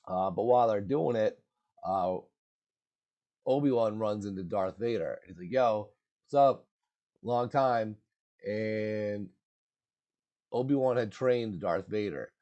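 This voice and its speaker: A laid-back man with a lowish voice recaps a movie in loose, slangy chat. His tone is mellow and relaxed, and his sentences wander with lots of filler words. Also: measured pace, long pauses, highs cut off.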